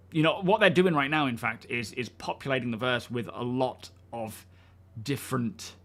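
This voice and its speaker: A man streaming a game, chatting in a relaxed, rambling way with plenty of fillers and friendly thanks to his viewers. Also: mid-range voice. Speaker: game livestreamer. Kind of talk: casual livestream chat.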